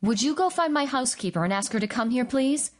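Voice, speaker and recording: A woman reading the part of a calm woman doctor who gives steady orders in an audiobook. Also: sits high, fast talker, pitched above the performer's own voice. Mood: commanding.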